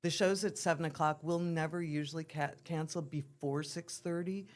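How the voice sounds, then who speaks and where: A woman's voice: low voice, steady tone, moderate pace. A woman from the theater scene, a guest on a morning TV chat show, explaining things eagerly and at length. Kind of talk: casual interview.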